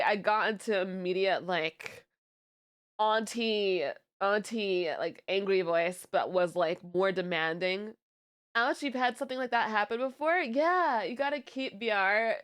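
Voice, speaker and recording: A young woman VTuber chatting casually on stream, telling stories in an animated, giggly way and sounding tired. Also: on the high side.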